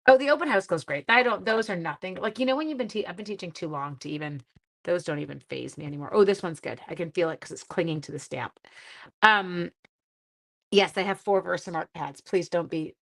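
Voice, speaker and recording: This craft livestream host has a lowish, creaky voice. She demonstrates casually while chatting with viewers and reading their comments, friendly and self-deprecating throughout.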